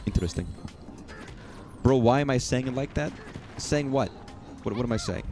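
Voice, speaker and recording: A man's voice: medium pitch, a little fast. Profane, rambling young male game streamer. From southern US. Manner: rambling, profane, jokey asides. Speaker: gaming streamer. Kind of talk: casual let's-play commentary. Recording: faint game music behind.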